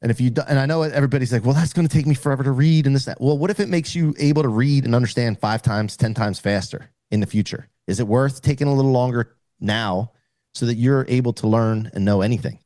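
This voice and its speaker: A man's voice: mid-range voice, fast, dark tone, no room sound. A middle-aged man speaking as a podcast guest, explaining earnestly in casual conversation with frequent restarts.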